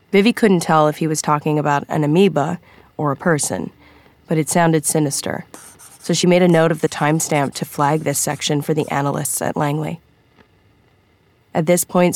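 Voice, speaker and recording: A woman narrating an audiobook in an even, measured storytelling manner. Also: low voice.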